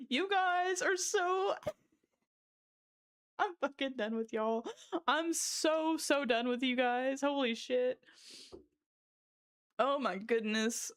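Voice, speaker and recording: A woman's voice: high-pitched, lively intonation, takes it slowly, pauses often. A young woman streamer chatting casually with her viewers, laughing hard and cursing often. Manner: giddy, laughing fits, cursing. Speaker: livestreamer. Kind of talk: casual livestream chat.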